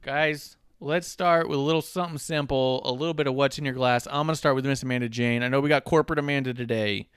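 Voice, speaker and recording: A man's voice: medium pitch, fairly even intonation, fast, few pauses, a bit bright, smooth, no echo, studio quality. A man hosting a comedy podcast, teasing his co-hosts in a playful, joking way. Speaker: podcast host. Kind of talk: casual comedic podcast banter.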